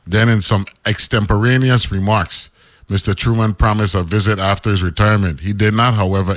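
Low-voiced man reading aloud. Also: no echo. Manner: reads steadily, breaks into loose chatty asides. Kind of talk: reading an old newspaper article aloud with asides.

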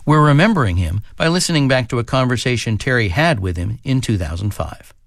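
A man introducing a radio program in a measured, solemn announcing manner. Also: mid-range voice, lively intonation, vocal fry, no echo, clean studio sound. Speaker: radio program host, TV critic. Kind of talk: scripted broadcast introduction.

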